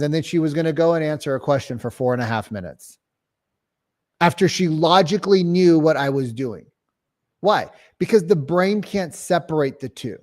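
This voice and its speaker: With a fairly high pitch and normal speed, a man leads a lively real estate sales training talk. He acts out client conversations and calls, swearing offhandedly.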